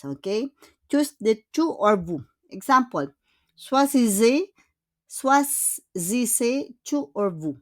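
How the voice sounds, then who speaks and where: A woman's voice: mid-range voice, fairly bright tone. A woman teaching a French grammar lesson, patiently repeating words and checking in with "okay?".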